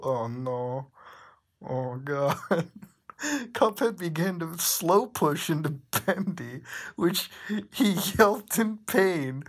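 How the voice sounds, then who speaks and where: A man's voice: on the high side, husky. A man, a channel host, reading fan fiction aloud with incredulous, swearing asides. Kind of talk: comedic dramatic reading.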